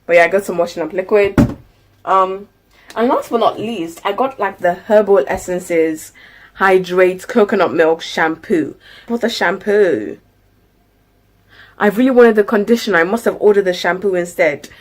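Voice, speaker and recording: A young lifestyle vlogger from the United Kingdom chats at home through her grocery haul, rambling and leaning heavily on fillers. Her voice is medium-pitched and moves at a moderate pace.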